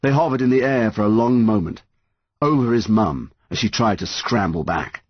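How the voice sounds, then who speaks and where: A man's voice: lowish voice, normal speed, dull audio. A man narrating an audiobook in a dramatic, tense reading. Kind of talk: scripted narration.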